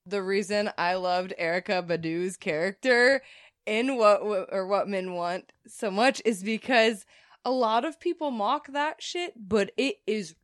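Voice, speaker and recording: A woman's voice: medium pitch, a little slow, dry recording, studio quality. Woman, podcast co-host, mid-range voice, enthusiastic, emphatic, swears casually. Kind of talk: casual chat.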